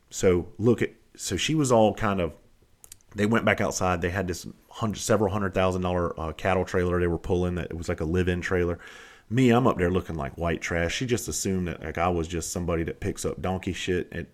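A man hosting a podcast, telling a story in a blunt, profane, rambling way. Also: low voice. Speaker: podcast host. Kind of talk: casual storytelling.

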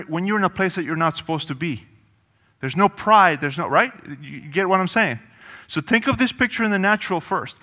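A sermon from a male preacher whose bright, strong voice runs slightly high for a man. He keeps it chatty but emphatic, leaning on repetition and frequent asides, while a long reverb suggests a spacious hall.

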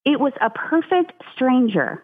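A woman's voice: high-pitched, big pitch swings, a little slow, husky. A woman who founded a ministry, telling heartfelt stories as a guest in an interview. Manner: earnest, heartfelt storytelling. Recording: tinny phone line.

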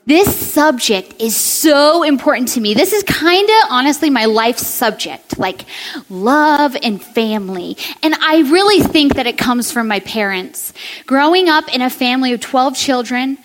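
A woman's voice: sits high, expressive, measured pace, big-room sound. A young woman preaching an earnest, conversational sermon and speaking directly to the women listening.

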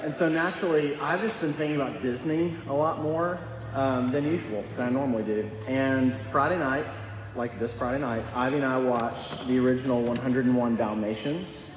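A young man preaches a sermon in a relaxed, conversational way, earnest and full of small fillers and restarts. His voice sits at an ordinary middle pitch. It carries the long, roomy echo of a church hall, with a faint hum of room noise behind him. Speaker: pastor. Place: church sanctuary.

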